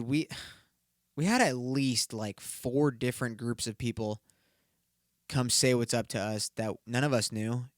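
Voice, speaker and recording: A man's voice: medium pitch, smooth, dry recording, clean studio sound. Casual young man telling a rambling story. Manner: rambling, profane, filler-heavy retelling. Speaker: podcast host. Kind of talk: casual solo podcast storytelling.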